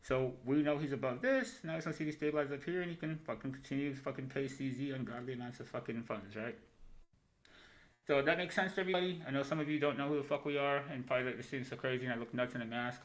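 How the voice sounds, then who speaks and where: A man's voice: medium pitch, fairly bright tone, poor audio. A man hosting a livestream, talking through market charts in a loose, profane way and tagging "right?" onto his points. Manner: fast, profane, wandering talk full of "right?". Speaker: livestream host running a crypto trading show. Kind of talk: casual livestream chart commentary.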